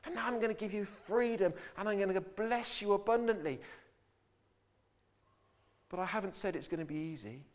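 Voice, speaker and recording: A man's voice: high-pitched, normal speed, long pauses. A man preaching a sermon with emphatic delivery, acting out the voices of biblical figures in the quotes.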